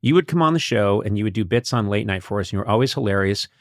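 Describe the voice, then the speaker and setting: A man's voice: fairly low pitch, very fast, no room sound, clean studio sound. A man hosting a casual chat, teasing his guest and telling stories with frequent laughter. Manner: teasing, lively storytelling, laughs often. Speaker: podcast host.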